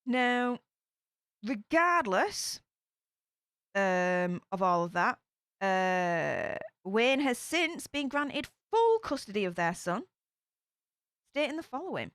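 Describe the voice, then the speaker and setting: A woman's voice: fairly high pitch, sing-song, takes it slowly, long pauses, fairly bright tone, no echo, studio quality. A woman hosting a casual true crime commentary, chatty and speculative, with filler-heavy asides. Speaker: true crime channel host.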